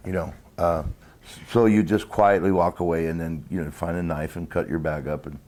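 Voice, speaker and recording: Man, low voice, halting storyteller guest recalling ring days; chatty, restart-heavy delivery. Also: darkish tone. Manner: rambling, halting, many restarts. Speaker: interview guest, former wrestler. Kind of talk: casual storytelling interview.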